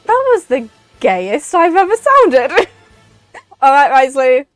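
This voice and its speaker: High-voiced chatty woman. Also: slow, pauses often, dry recording, soft background music. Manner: chatty, rambling, bursts into excited exclamations. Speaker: streamer. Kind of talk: casual gameplay chatter.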